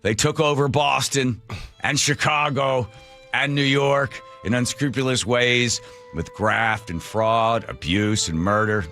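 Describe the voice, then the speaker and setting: Deep-voiced man telling a wry radio story. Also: a bit bright. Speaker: radio host. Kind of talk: storytelling monologue. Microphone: studio microphone.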